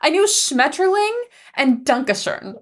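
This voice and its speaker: A young adult woman co-hosting a casual podcast chat, an animated storyteller who laughs often. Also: high voice, measured pace. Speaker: podcast co-host.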